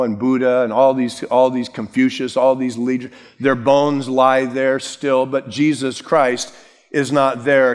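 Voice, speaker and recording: A man's voice: medium pitch, big-room sound. A male pastor preaching a sermon, telling Bible stories casually and with humor, acting out the characters. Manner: storytelling, acting out biblical characters with lively voices.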